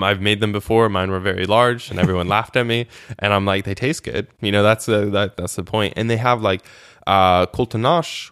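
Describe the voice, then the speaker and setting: A man with a smooth, low voice shares chatty, animated stories as an interview guest about his days as a volunteer, often using fillers and restarting. The conversation is casual, and the clean studio sound has no room sound.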